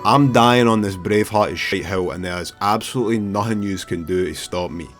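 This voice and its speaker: A man's voice: on the low side, brisk, fairly bright tone, faint music behind. A man with a Scottish accent hosting a casual comedic film review video, brash and profane in his talk. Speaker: film reviewer and YouTube host.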